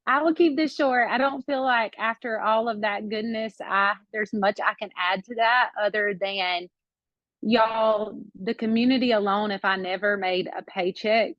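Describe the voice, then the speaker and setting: A woman's voice: medium pitch, fairly even intonation, measured pace, dry recording. A woman from South Georgia with a Southern accent, sharing her story on a group call while nursing a baby, close to tears. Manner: emotional, warm-hearted sharing, near tears. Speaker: team member on a group call. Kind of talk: casual testimony on a video call. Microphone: video call. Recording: dull lo-fi call audio.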